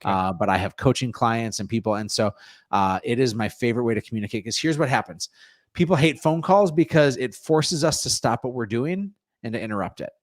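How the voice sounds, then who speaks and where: A man guest, a real estate coach, answering interview questions in an energetic, salesy way. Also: mid-range voice, brisk, no room sound, clean studio sound. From North Dakota. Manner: energetic, salesy, plugs his offers.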